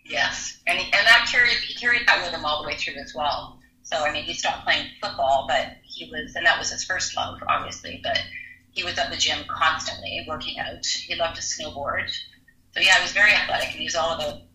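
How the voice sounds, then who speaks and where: A woman's voice: deep voice, fairly quick, sharp tone. A middle-aged woman, a podcast guest speaking earnestly and reflectively. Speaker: guest, a bereaved mother. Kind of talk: interview conversation. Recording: roomy echo.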